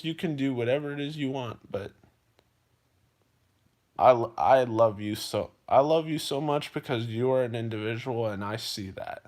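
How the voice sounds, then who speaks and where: A man's voice: medium pitch, a little mellow. A man livestreaming to his viewers, talking earnestly and emotionally, repeating himself and often calling them "you guys". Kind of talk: heartfelt livestream monologue.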